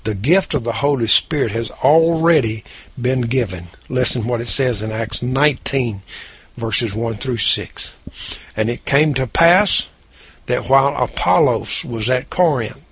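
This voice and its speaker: A man's voice: medium pitch, unhurried, a bit bright, breathy edge, no room sound. A man preaching a sermon, reading scripture aloud and pressing his points with emphasis.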